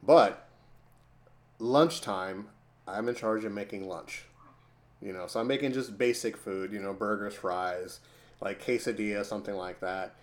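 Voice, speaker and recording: A man's voice: on the low side, unhurried. A man hosting a podcast, telling a comic made-up scenario in a rambling, filler-heavy way. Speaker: podcast host. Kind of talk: casual comedic storytelling.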